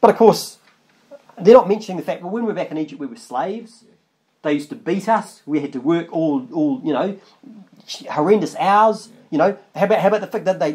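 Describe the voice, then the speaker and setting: Rambling preacher with a mellow voice. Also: male voice, a little high. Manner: conversational, rambling, with restarts and asides. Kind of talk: Bible study sermon, reading scripture aloud.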